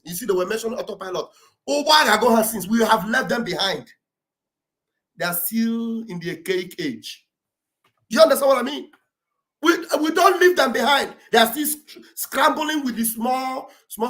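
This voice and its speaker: A man speaking Nigerian English mixed with Pidgin, giving a loud, preachy livestream address with a booming voice and shouted exhortations. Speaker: livestream commentator. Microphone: streaming setup mic.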